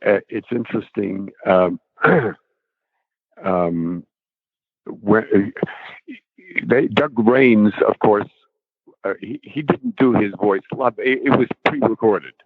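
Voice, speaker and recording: An older actor, a guest in an interview, hesitantly recalls his work with many restarts and ums. His lowish, breathy voice moves slowly with frequent pauses, captured in dry, narrow, tinny audio.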